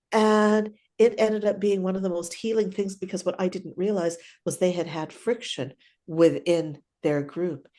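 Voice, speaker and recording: Low-voiced older woman telling stories. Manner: animated, chatty, keeps adding "right?". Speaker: clown teacher and guest. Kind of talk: casual storytelling interview.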